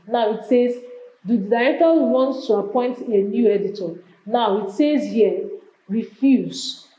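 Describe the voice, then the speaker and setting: A woman with a Nigerian English accent teaches an exam revision lesson, reading each answer option aloud and explaining it step by step. Her voice is mellow and low in tone, and it echoes around a reverberant room.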